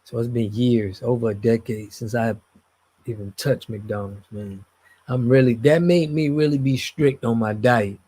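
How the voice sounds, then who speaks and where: A man's voice: mid-range voice, unhurried, dark tone, breathy edge. A man hosting a live stream, chatting casually and reading viewer comments in a loose, slangy way, his voice trailing off at the ends of phrases. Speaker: streamer host reading chat.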